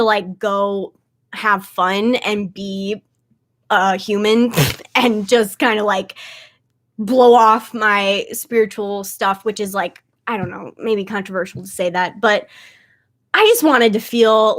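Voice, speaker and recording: A woman's voice: mid-range voice, a bit bright. A young woman hosting a casual livestream, talking in a chatty way with many fillers, holding back tears. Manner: chatty, lots of "like" and "um". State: tearful, on the verge of crying. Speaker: livestream host, tarot reader.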